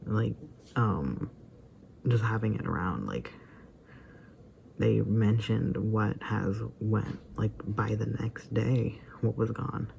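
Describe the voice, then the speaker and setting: A man talks through his reactions in a loose, rambling vlog style, stacking up fillers and slipping into near-whispered asides. His voice has a gravelly edge and a dark, mellow tone. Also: on the low side, slow, slight background noise. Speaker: vlogger reacting to a video. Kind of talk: casual rambling commentary.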